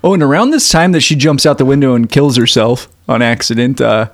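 A man co-hosting a casual podcast, recapping a horror movie, swearing freely and laughing, often jumping into squeaky voices for the characters. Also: fairly quick, no echo. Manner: animated, jumps into squeaky high voices acting out characters. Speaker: podcast co-host.

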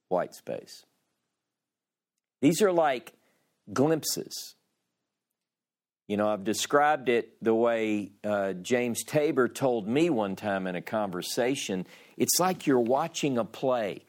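Slow, deliberate male Bible teacher. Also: medium pitch, expressive, a little mellow. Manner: reads scripture aloud with dramatic emphasis, then explains in a loose conversational way; slow and deliberate, with frequent restarts. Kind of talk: scripture class lecture.

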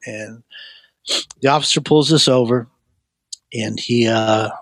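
A middle-aged man, a guest, telling his life story in a rambling, animated way, with many fillers and restarts. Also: takes it slowly, dry recording. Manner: animated, acts out quoted voices with a raised pitch. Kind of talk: personal storytelling.

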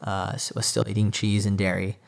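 A man's voice: fairly low pitch, flat delivery, fairly quick, gravelly. A young man, a triathlete guest, talking earnestly in a casual interview, with lots of filler words. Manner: earnest, talks with many "like" fillers.

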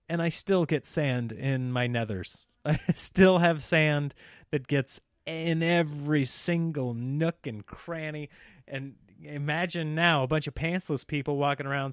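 A man hosting a solo podcast, rambling and joking in an animated comic monologue. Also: a little high, dry recording, studio quality. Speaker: podcast host.

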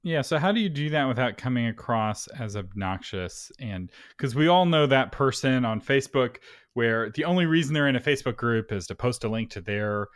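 A man's voice: mid-range voice, lively intonation, normal speed, dry recording, clean studio sound. A man co-hosting a casual podcast, chatty and curious, pressing for practical answers. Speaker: podcast co-host.

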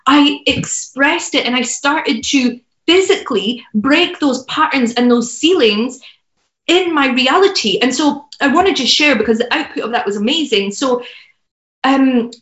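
A woman's voice: high voice, lively intonation, a little slow, a bit bright. A woman guest sharing a heartfelt personal story, earnest, with lots of fillers. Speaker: podcast guest, business mentor. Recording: roomy, dull lo-fi sound.

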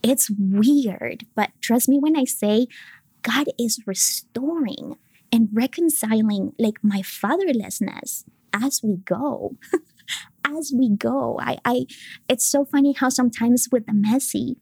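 Breathy woman sharing a faith testimony. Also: a little high, a little slow, no room sound. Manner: earnest and emotional, drops into soft whispers. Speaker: podcast guest. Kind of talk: personal faith testimony in a podcast conversation.

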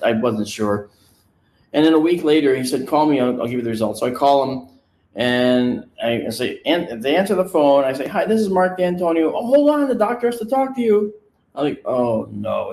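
A man's voice: mid-range voice, brisk, creaky, a little mellow. Guy telling a wild story, acts out all the quotes, mid voice, roomy echo. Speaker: guest recounting a personal experience. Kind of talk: casual storytelling. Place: on location, indoors.

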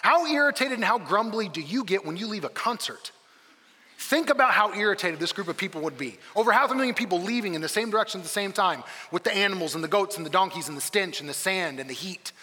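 Bright-voiced male pastor in echoing hall. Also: high-pitched, fast, slightly rough. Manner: lively storyteller who acts out quoted lines. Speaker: campus pastor. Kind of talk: sermon.

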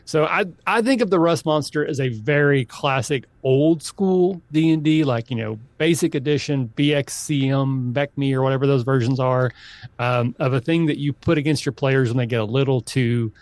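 A man hosting a podcast, chatting casually through improv games with animated, high exclamations. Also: moderate pace, no room sound. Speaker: podcast host. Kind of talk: casual improv game chat.

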